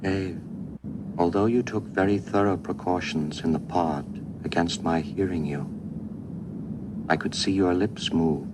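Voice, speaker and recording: An actor playing a calmly polite male shipboard computer, speaking softly and evenly in an old film clip. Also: deep voice. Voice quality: soft, level, unhurried. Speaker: film character. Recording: hissy old film soundtrack.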